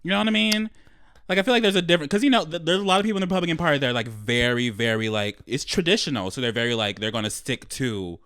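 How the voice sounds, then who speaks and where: Fast-talking young man, dry sound. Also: fairly high pitch, animated, fairly bright tone, clear, resonant tone, no room sound. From Los Angeles. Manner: quick, rambling, laughs often. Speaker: podcast co-host. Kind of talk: casual chat.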